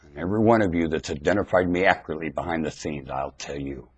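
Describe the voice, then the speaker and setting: A man delivering a preachy ranting monologue into a webcam at home, jumping between shouted outbursts and low mutters and firing rhetorical questions at the listener. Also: quick pace, breathy edge, dull audio. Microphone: webcam microphone.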